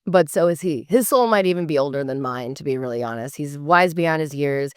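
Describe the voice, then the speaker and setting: A woman's voice: low voice, fairly quick, no echo, clean studio sound. A woman hosting a podcast who tells a personal story casually. She talks in a chatty way, swears freely, uses lots of "like" fillers and acts out the dialogue. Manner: animated, acts out quoted dialogue. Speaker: podcast host.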